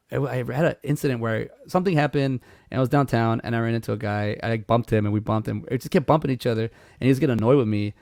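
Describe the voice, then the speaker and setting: Podcast co-host, male, brisk gravelly delivery, lively anecdotal storyteller, dry close sound. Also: medium pitch, dry recording. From Mexico. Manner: animated storyteller, acts out voices, laughs a lot. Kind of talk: casual chat, storytelling.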